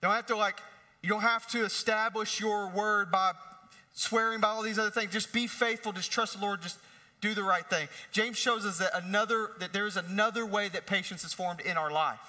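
A man preaches with a high, bright voice that rings through a big hall with a long reverb. He talks to the congregation casually, then pushes his points harder and louder. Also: steady tone, normal speed. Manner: conversational preaching, rising to emphatic. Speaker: pastor. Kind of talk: sermon. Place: large church hall.

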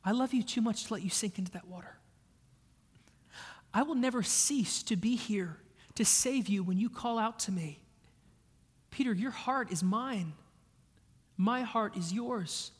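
A man voicing a tender, loving savior who comforts a frightened follower, speaking softly and hushed, with a long hall echo. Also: sits high, measured pace, long pauses, slightly rough.

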